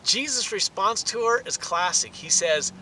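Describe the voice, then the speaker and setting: High-voiced animated preacher man. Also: measured pace, a little hiss or hum, poor audio. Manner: animated, rises in pitch and volume for emphasis. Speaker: pastor. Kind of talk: sermon teaching.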